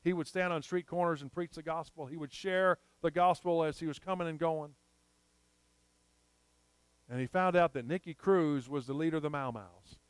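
A man preaching a sermon, telling a story emphatically and slowing down to repeat key phrases. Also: a little high, clear, resonant tone, no room sound.

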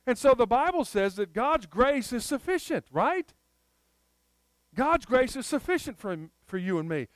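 A man preaching a sermon, telling a Bible story in a lively way and acting out the characters. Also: very high-pitched, measured pace, dry recording, poor audio. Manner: animated storyteller acting out scenes. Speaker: pastor.

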